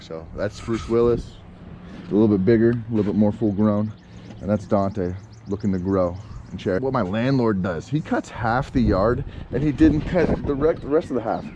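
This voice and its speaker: A lowish male voice, recorded outdoors in a yard with a faint background hum. He rambles casually with plenty of fillers and restarts. His tone is exasperated and frank. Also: dark tone, muffled recording. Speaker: vlogger.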